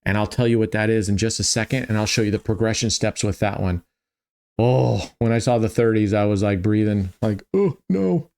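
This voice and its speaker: A man's voice: lowish voice, fairly even intonation, fairly quick, darkish tone. A tired man, a roulette streamer, casually talking through his betting strategies and thinking aloud with many small restarts. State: tired, yawning.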